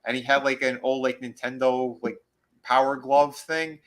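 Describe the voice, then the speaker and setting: A man's voice: medium pitch, little pitch movement, moderate pace, rough recording. A man hosting a podcast, casually retelling a story in a rambling way and acting out the characters' lines. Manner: rambling, acts out quoted lines. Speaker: podcast host. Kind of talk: casual recap chat.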